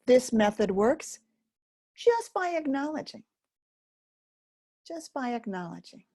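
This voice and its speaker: Slow, lively-voiced woman teaching gently. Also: high voice. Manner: gentle, slow, with long pauses. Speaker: focusing teacher. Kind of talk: guided self-help teaching.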